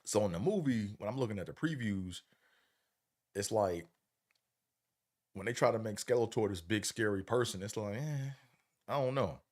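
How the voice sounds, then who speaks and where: Laid-back deep-voiced man, rambling. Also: lively intonation, moderate pace, long pauses, darkish tone. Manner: laid-back, rambling, slangy, checks in with the listener often. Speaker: livestream host. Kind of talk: casual livestream chat.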